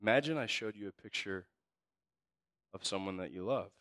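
A man preaching a sermon as pastor, telling stories in a casual, slangy way and swinging from hushed to loud. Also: on the low side, normal speed, dry recording.

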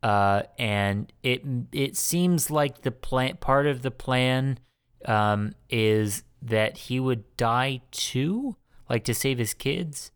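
A man's voice: medium pitch, lively intonation, slow, clean tone, no room sound, studio quality. Male podcast co-host, clean resonant tone, loose rambling delivery with fillers. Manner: rambling, profane, many fillers. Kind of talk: casual movie-review chat.

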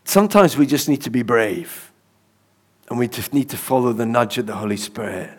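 A man's voice: mid-range voice, expressive, normal speed, breathy edge. A man preaching in a conversational way, telling personal stories with fillers and chuckles.

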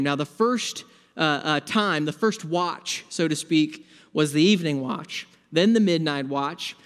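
A man preaching a sermon as pastor, conversational and building emphasis through repeated phrases. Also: fairly high pitch. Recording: long reverb of a large hall.

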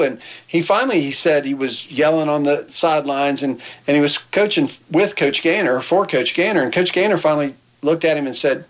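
A man's voice: on the high side, brisk, hardly any pauses. A man hosting an interview, speaking in a friendly, respectful manner and telling stories with animation. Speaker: interviewer host. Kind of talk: casual interview chat.

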